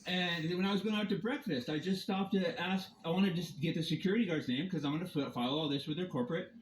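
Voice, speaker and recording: A man's voice, pitched a little high, pours out a heated and rambling account laced with profanity. He records himself on a phone from inside a vehicle. The sound is echoey, with a faint hiss of noise. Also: fast talker. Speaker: campground guest confronting staff and police. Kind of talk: agitated first-person rant. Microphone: phone camera.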